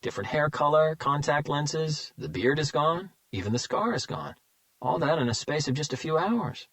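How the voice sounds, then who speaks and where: A weary male detective talks in a low, terse, steady voice, acted by a male narrator. He sounds plain and hard-edged. The recording is dry and close. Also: moderate pace, no room sound. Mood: stern.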